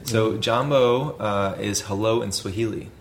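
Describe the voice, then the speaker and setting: Rambling low-voiced man, full of fillers. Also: unhurried, a little hiss or hum. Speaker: food company founder. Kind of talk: casual interview talk.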